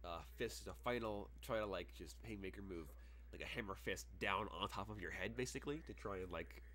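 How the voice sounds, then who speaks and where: A young man narrating as game master for a tabletop game, halting and full of fillers. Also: fairly low pitch, pushed and bright, slight background noise.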